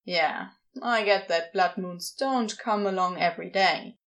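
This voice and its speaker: A fed-up male demon with no patience, who scolds and mocks everyone in front of him in a storybook reading, acted out by a woman. His voice lurches up and down with lively swings in pitch. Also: slow pace. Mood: irritated. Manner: exasperated, scolding. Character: irritated sarcastic male demon.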